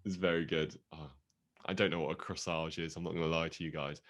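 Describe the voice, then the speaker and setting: A man's voice: rumbling low, level tone, fast, a bit bright. A man co-hosting a podcast in casual chat. He is chatty and self-deprecating, and he laughs often. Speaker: podcast co-host.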